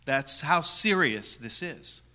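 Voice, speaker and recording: Guy pastor preaching, really bright ringing tone, kinda high voice, repeats words to drive it home. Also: lively intonation, slow pace. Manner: preaching with emphatic repetition, swinging between loud and soft. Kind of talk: sermon.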